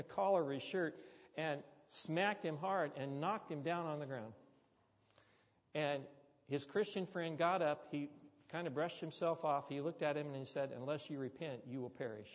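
A man's voice: a little high, measured pace. A man preaching a sermon, telling a story with chatty, joking asides to the congregation. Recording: dull sound with long hall reverb.

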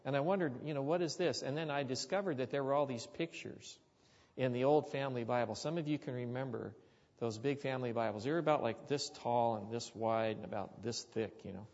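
A man's voice: mid-range voice, a little mellow. Earnest male preacher in an echoing hall. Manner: earnest, reflective, with pauses and restarts. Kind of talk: sermon with personal storytelling. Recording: dull lo-fi sound in a reverberant hall.

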